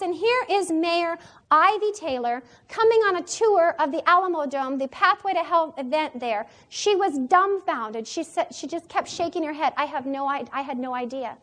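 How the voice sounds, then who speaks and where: Lady with a really high voice giving a church seminar talk, emphatic, says things twice. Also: a bit bright. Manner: emphatic, repeats key phrases.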